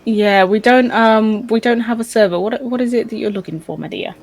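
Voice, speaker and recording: A woman's voice: fairly high pitch, brisk, gravelly, low-quality recording. A woman co-hosting a live stream, reading out chat in a casual, giggly way with plenty of hesitations. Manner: giggly, hesitant, lots of ums.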